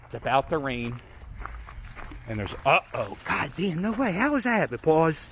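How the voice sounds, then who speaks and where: A man's voice: a little high, sing-song, measured pace. Rambling man chatting to his dog outdoors. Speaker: vlogger exploring abandoned sites. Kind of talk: casual walking commentary. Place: outdoors, snowy abandoned waterfront. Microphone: handheld camera. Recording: outdoor noise.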